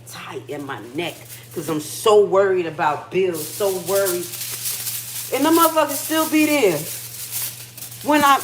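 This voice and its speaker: The livestream host, a middle-aged woman chatting casually in her kitchen, has a mid-range voice with a fairly bright tone. Her talk is candid, emotional, and full of swearing, and there's slight background noise.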